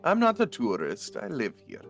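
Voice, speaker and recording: A man's voice: medium pitch, wildly swooping pitch, moderate pace, faint music behind. Wry man haggling in a tabletop game. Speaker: player. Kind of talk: tabletop role-play.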